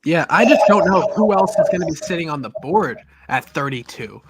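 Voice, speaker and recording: A man's voice: on the high side, expressive, brisk, very noisy. A man hosting a football podcast, talking through draft picks in a casual, rambling way that often stops and restarts. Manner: rambling, self-interrupting. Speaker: podcast host.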